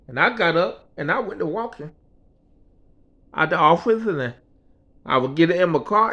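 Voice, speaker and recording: High-voiced man telling a rough story. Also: moderate pace, long pauses, dull audio. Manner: animated, slangy and profane, acts out quoted voices. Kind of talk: casual personal storytelling.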